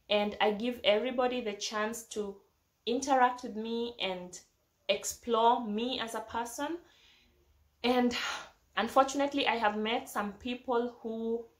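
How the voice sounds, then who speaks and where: A young woman from abroad, living in Germany, talking to camera in an earnest, reflective vlog, often repeating phrases for emphasis. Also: fairly high pitch. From not from Germany, living there. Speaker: vlogger. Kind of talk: casual talk to camera. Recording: echoey room.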